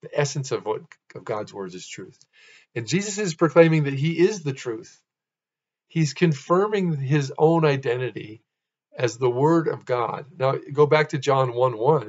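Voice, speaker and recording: A man talks through a Bible teaching in a loose, conversational way, stopping to restart and fix his own words. His voice sits at an ordinary middle pitch. The recording sounds a little dull and lo-fi. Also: expressive, a little slow. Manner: conversational, restarts and corrects himself.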